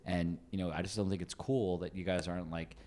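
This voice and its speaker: Rambling male co-host, deep voice, chatty storyteller. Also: fairly even intonation, fairly quick, mellow. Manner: rambling storyteller, many fillers and restarts. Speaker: podcast co-host. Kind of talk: casual chat.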